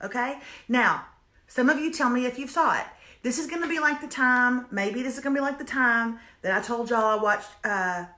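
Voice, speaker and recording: A woman's voice: on the high side, moderate pace, pushed and bright. A woman hosting a casual show reviewing streaming series, reading viewer comments aloud and hammering her points home by repeating them. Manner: emphatic, repeats lines for comic effect. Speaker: host reviewing streaming shows. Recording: echoey room.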